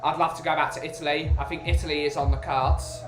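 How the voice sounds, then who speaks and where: A man's voice: a little high, little pitch movement, quick pace. A man from the UK chatting casually as a podcast host, rambling and restarting his sentences. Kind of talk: casual chat. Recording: roomy with music behind.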